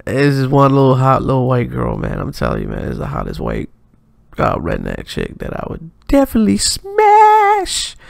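A man hosting a casual reaction stream, excitable and profane, laughing often between comments. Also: mid-range voice, normal speed, gravelly, no echo. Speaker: reaction channel host.

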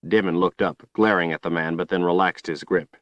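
A man reading an audiobook in steady, grave scripted narration on a close studio mic. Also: deep voice, a little fast, dry recording, highs cut off.

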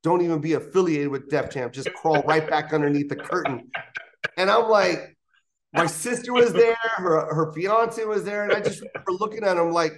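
Animated male comedian telling stories. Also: a little high, normal speed. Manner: animated, acts out voices in anecdotes. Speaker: comedian guest. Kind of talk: interview storytelling. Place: interview studio.

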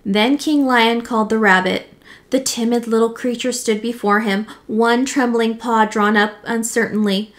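A woman teacher reads a storybook to her young students in a somewhat high voice. She is lively and expressive, giving each animal its own voice. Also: moderate pace. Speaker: teacher reading aloud. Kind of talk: storybook read-aloud for children.

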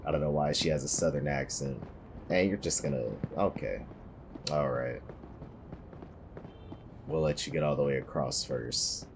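A man with an extremely low, deep voice chats through a police game, tossing out joking, wry remarks about what he sees. His tone is casual and conversational. Clear background noise runs under the recording. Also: moderate pace, long pauses. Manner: joking, wry running commentary. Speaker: gameplay commentator.

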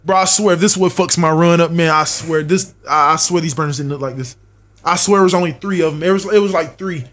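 A man's voice: fairly high pitch, quick pace, a bit bright. A young man streaming a horror game live, muttering checklists to himself, swearing and talking back to his chat. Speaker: gaming streamer.

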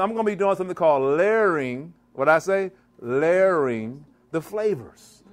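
A man from the DC and Maryland area with a Maryland accent, giving a live cooking demonstration in a church hall, playful and quizzing his audience in call and response. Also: sits high. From Washington DC / Maryland area, US. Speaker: chef giving a cooking demo.

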